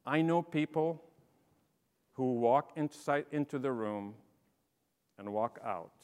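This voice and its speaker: A middle-aged man giving a motivational leadership talk, telling stories and swinging from quiet asides to loud, emphatic bursts. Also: mid-range voice, expressive, slow, clear, resonant tone. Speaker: speaker. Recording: long hall reverb.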